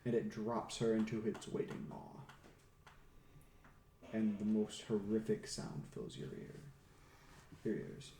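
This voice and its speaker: A man narrating as game master of a tabletop game, slow and dramatic with an ominous edge. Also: lowish voice, mellow, reverberant, slight background noise.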